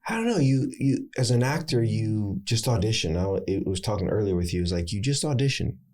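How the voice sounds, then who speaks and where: An American man in his thirties, an actor and acting coach, chatting casually in an interview and telling animated stories. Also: fairly quick. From United States. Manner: animated storyteller, swings pitch to make points.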